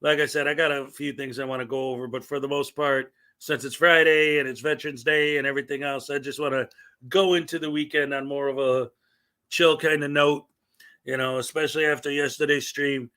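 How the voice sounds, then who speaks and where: Man in his 30s, livestream host, casual rambling chat, bright tone. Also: medium pitch, fairly even intonation, brisk. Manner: rambling, chatty, greets chat viewers.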